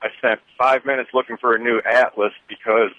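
A man's voice: medium pitch, flat delivery, fairly quick, dry recording. A man calling a radio show, sounding quirky and confused. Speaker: caller. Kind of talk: phone-in chat. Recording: thin phone line.

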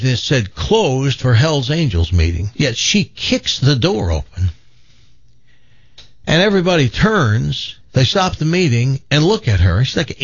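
A male radio host chatting casually and telling a long joke with animated storytelling. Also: mid-range voice, no room sound, muffled recording.

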